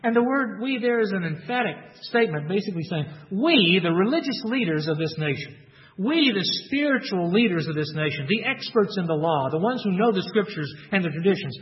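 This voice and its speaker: A man preaching an expository Bible sermon, lively and acting out the speakers he quotes with sudden high jumps in his voice. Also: a little fast, in a large hall, muffled recording.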